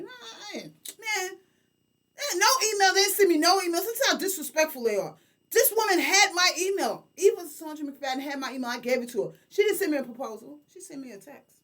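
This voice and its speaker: Woman, around 60, community leader. Heated, profane camera rant, high and very animated delivery. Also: fairly quick. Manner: indignant, profane and emotional, addressing people directly. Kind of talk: direct-to-camera vlog rant.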